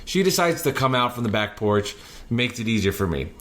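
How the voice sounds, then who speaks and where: A man hosting a podcast, telling animated stories from his delivery shifts in casual chat. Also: mid-range voice, fairly quick. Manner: animated anecdotes, breaks into singing. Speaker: podcast host and delivery driver.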